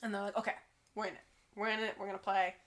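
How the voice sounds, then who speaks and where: A woman's voice: mid-range voice, little pitch movement, very fast, a bit bright. A young woman co-hosting a podcast, casually recapping a film and swearing freely. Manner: laid-back retelling, swears freely. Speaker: podcast co-host.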